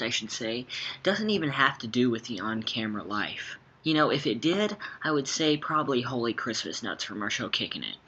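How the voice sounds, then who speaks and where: A young man answering fun interview questions in a playful, jokey way, swinging between quiet asides and loud bursts. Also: mid-range voice. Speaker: interviewee, actor. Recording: slightly dull sound with faint background noise.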